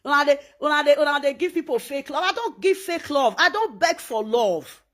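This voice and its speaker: A woman speaking Nigerian Pidgin English in an animated vlog monologue, emphatic and preachy, repeating her points. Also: high-pitched, fairly quick. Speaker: vlogger.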